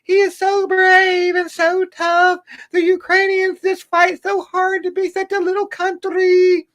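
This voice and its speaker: A breathy, wide-eyed young woman swoons over a soldier's bravery in a shrill voice pitched far up high. She gushes in a sentimental, mocking parody. The sound has an airy falsetto strain. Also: little pitch movement, measured pace, fairly bright tone. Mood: gushing. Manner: gushing and sentimental.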